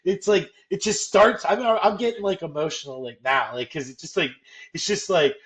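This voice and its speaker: A man co-hosting a casual movie podcast, animated and retelling scenes with plenty of "like". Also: high voice, moderate pace. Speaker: podcast co-host.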